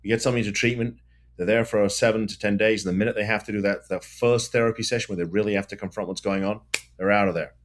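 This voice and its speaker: Inquisitive male podcast host, low-pitched. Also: fairly even intonation, fast talker. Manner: inquisitive, conversational, asks probing questions. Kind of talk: interview conversation.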